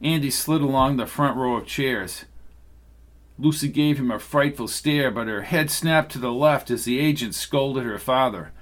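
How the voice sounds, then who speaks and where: A man reading an audiobook in steady scripted narration. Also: medium pitch, normal speed.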